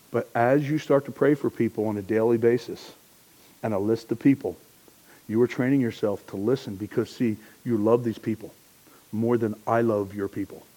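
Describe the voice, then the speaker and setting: A male pastor preaches with a relaxed, conversational ease, his voice sitting at an ordinary middle pitch. He slips in jokes, leans hard into his key points, then drops low and quiet to draw the listener close. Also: vocal fry, poor audio. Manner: conversational and joking, swings from loud emphasis to hushed asides. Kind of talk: sermon.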